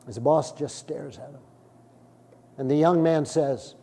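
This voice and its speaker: A middle-aged male pastor preaching a sermon, telling stories and acting out the dialogue, with sudden loud bursts. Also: on the high side, unhurried, pauses often, husky. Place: church sanctuary. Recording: long hall reverb from a church.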